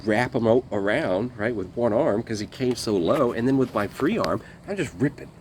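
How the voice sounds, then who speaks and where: At medium pitch and a normal speed, this man speaks with lively intonation over a little hiss or hum. As a guest, he casually rambles through a military-service story, swearing bluntly and leaning on fillers.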